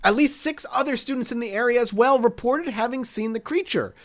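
A man's voice: very high-pitched, fairly quick, fairly bright tone. A man hosting a podcast, reading a story aloud with jokey asides in casual chat. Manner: jokey, reads quotes with asides. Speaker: podcast host.

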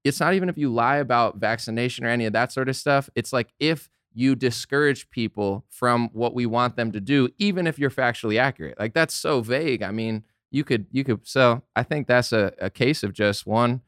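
A man's voice: mid-range voice, brisk, few pauses, a bit bright, smooth, no echo, studio quality. A man talking casually on a podcast, rambling with lots of "like" and "you know". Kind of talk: casual political chat.

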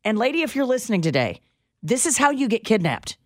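A woman co-hosting a radio show, telling a story in an animated, dramatic way. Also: fairly high pitch, fairly quick, no room sound, clean studio sound. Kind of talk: casual storytelling chat.

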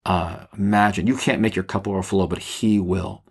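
A man with a deep, slightly husky voice teaches in a podcast devotional. He speaks earnestly and haltingly, often stumbling and restarting his phrases as he works through a scripture passage. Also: steady tone.

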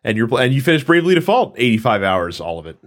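A man hosting a podcast in easy, casual chat. His pitch swings up and down a lot as he talks, and he keeps pausing on fillers and restarting his sentences. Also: big pitch swings. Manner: chatty, lots of fillers and restarts. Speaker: podcast co-host.

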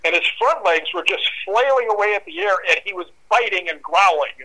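High bright-voiced man telling a wild story. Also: brisk, poor audio. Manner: lively, acts out voices and dog growls. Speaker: guest storyteller. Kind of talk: animated anecdote telling.

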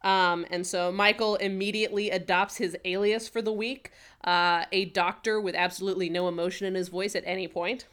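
A woman's voice: mid-range voice, little pitch movement, brisk, a bit bright, clean tone. A woman co-hosting a podcast, casually recapping a TV episode in a rambling way with lots of fillers. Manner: rambling, filler-heavy recap with frequent laughs. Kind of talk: casual chat.

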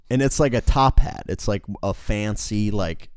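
A man's voice: lowish voice, measured pace, smooth, no echo, clean studio sound. A young man casually telling a work story, rambling with lots of fillers and frequent laughs.

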